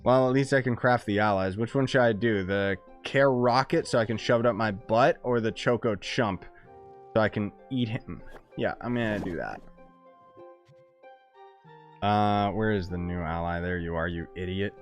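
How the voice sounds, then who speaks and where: Rambling, excitable male game streamer. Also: on the low side, moderate pace, soft background music. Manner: excitable, rambling, chats with viewers while playing. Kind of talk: casual live-stream chat.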